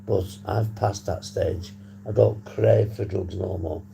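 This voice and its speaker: A man from the UK hosting a casual recovery livestream, husky from a long phone call, rambling and swearing casually to his chat. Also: low voice, steady tone, slow pace, a little hiss or hum. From United Kingdom. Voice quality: gravelly, dark voice. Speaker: livestream host on addiction recovery. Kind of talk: casual live-stream chat to viewers.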